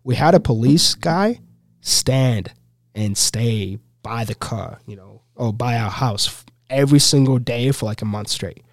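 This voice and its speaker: Young man from Uganda, podcast guest; lively casual storyteller, plain dry sound. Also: medium pitch, unhurried, no room sound. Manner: animated, heavy use of "like" and "you know".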